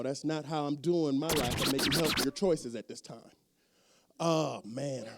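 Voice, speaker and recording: A male stand-up comedian with a fairly high, lively voice that swoops up for the characters he quotes. His tone is dark and relaxed, and his delivery is chatty and self-mocking. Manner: conversational, self-deprecating, squeaks up for quoted voices.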